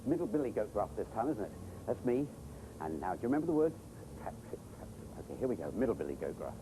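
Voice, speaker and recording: A man presenting children's TV, telling a story in a playful, animated way. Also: lowish voice, racing, noisy background.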